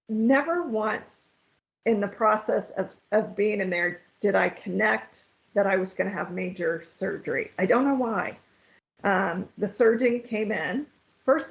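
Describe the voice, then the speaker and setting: A woman's voice: mid-range voice, creaky. A woman guest telling her own story in an interview, earnest and at times tearful. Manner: emotional, halting, tearful at times. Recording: slightly dull, lo-fi sound.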